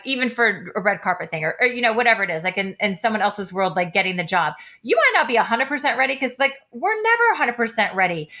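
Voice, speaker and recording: Bright-voiced, enthusiastic woman radio host. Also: a little high. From Kansas and Oklahoma. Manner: enthusiastic, gushing, repeats phrases, many fillers. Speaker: radio talk show host. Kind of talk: upbeat radio interview chat.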